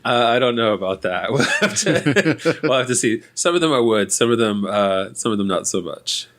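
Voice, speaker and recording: A man's voice: mid-range voice, lively intonation, moderate pace, a bit bright. A man who is a co-author guest on a podcast, chatting casually in a rambling, hesitant way, full of "like" and restarts.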